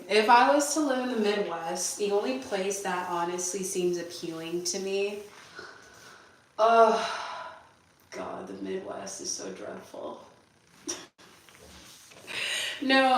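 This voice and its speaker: Chatty young woman with a Californian accent, casual rambling vlog talk; mic set far off, roomy bathroom echo. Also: mid-range voice. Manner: rambling, chatty, answers viewer questions aloud. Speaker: vlogger. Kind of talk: casual chat while cleaning. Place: bathroom at home. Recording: echoey bathroom, voice from afar.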